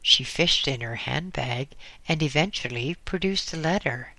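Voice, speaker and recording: Slow, bright-toned audiobook reader. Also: mid-range voice, expressive, no echo. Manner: slow, measured reading with quoted dialogue. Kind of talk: audiobook narration.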